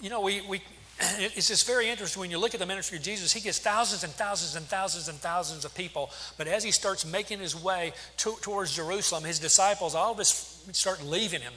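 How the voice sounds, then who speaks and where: Bright-voiced man preaching in a hall. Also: sits high, fast. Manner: asks rhetorical questions, emphatic preaching. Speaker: pastor. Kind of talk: sermon. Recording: long hall reverb, faint hum.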